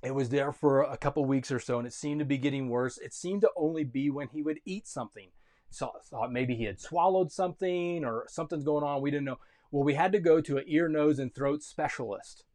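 A man in his thirties preaching a sermon, swinging between loud urgent calls and quiet, intimate storytelling. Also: a little high, a little fast. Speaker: pastor.

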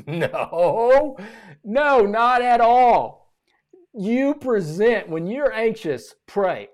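A man preaching a sermon as pastor, animated and repeating phrases for emphasis. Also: sits high, very slow.

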